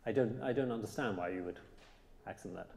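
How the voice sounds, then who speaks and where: A man teaching a cello master class, coaching a student with lively, detail-fussy remarks. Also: fairly low pitch, fairly quick, vocal fry. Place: concert hall. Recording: reverberant hall with music.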